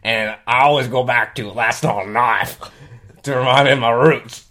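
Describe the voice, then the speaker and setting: A man's voice: medium pitch, normal speed, natural voice. A man playing a rambling Australian creature wrangler. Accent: put-on Australian. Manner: rambling, hesitant, deadpan improv. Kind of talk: improvised comedy interview.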